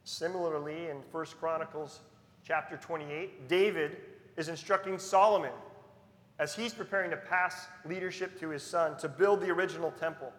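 A man's voice: a little high, steady tone, moderate pace, fairly bright tone, echoey room, big-room sound. A man preaching a sermon as pastor, earnest and emphatic, stressing key phrases through repetition.

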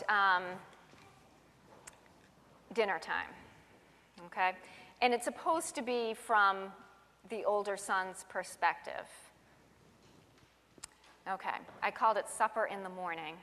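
A woman reading her own rhyming children's poem aloud in a sing-song, expressive way. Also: medium pitch, slow, long pauses, long reverb tail.

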